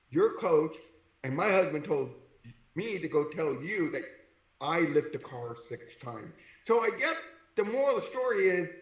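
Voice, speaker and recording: Animated man telling a story in an echoey room. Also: fairly high pitch. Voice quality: deaf speech, wears hearing aids. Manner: animated, acts out the voices in his story. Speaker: interview guest, strongman. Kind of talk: storytelling in a casual interview.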